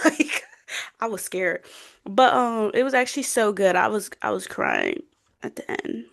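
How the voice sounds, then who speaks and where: A woman's voice: on the high side, big pitch swings, moderate pace, vocal fry, fairly bright tone. A young adult woman co-hosting a book chat, bubbly and gushing, full of fillers and giggles. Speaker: co-host of a book podcast. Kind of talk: casual chat.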